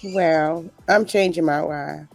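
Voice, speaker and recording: A woman's voice: sits low, slow pace, vocal fry, a little mellow, faint music behind. A woman co-hosting a casual talk show, laid-back and giggly. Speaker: podcast co-host. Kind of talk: casual chat.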